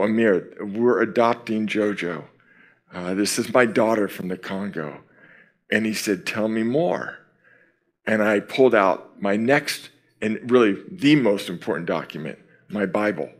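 A middle-aged man giving a sermon at a camp, opening in prayer and then telling a personal story with lively quoted dialogue. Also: fairly low pitch. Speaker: camp speaker.

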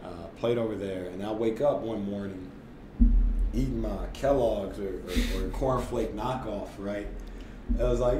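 A man in his thirties, a podcast guest and former basketball player, telling stories in a casual, animated way with lots of fillers and laughter. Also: fairly low pitch, measured pace, a little hiss or hum. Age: 30s. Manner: animated, laughing, filler-heavy with frequent "like" and "right?". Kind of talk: casual storytelling in conversation. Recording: roomy echo.

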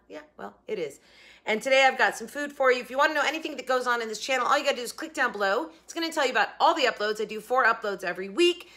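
Chatty woman vlogger, bright voice. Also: on the high side, quick pace. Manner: chatty and rambling, excitable. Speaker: food and bargain vlogger. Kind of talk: casual vlog chat.

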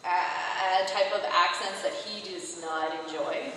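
A woman's voice: on the low side, fairly even intonation, slow, sharp tone. A woman voice actor chatting on a convention panel, bubbly and laughing often. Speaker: voice actor guest. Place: convention hall. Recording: echoey hall, far from mic, audience noise.

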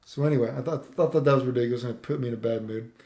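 A man's voice: mid-range voice, racing, mellow. Profane, ranting man in an echoey room. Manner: profane, repetitive, says "dude" constantly. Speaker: vlogger. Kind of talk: casual rant. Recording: roomy echo.

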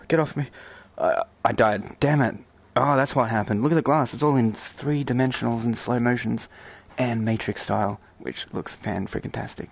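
A man giving excited live-stream commentary on a VR shooter, chatting with viewers and breaking into loud outbursts. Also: medium pitch, normal speed, gravelly, husky. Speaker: VR game streamer. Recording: dull lo-fi stream audio with game music and gunfire. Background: game music and gunfire.

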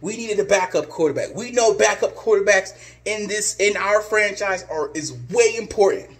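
Male vlogger, high-pitched, angry exasperated rant, repetitive insults. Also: moderate pace. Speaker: sports fan vlogger. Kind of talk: ranting vlog.

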